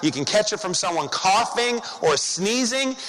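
Male pastor, high voice, casual conversational sermon delivery with rhetorical questions, in a church with long reverb. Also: big pitch swings, moderate pace, fairly bright tone.

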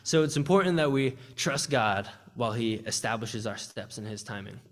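A man's voice: medium pitch, animated, normal speed. Earnest young man giving a church testimony. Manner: earnest, heartfelt, with restarts. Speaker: campus ministry speaker. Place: church service.

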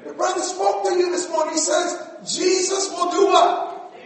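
High-voiced preacher in an echoey hall. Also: male voice, moderate pace. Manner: animated, shifts between shouting and quiet asides. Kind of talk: sermon. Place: church sanctuary. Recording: echoey hall, mic at a distance.

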